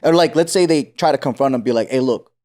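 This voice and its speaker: A man's voice: a little high, quick pace, darkish tone. A man co-hosting a podcast, ranting in an emphatic, profane way in casual chat. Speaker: podcast co-host.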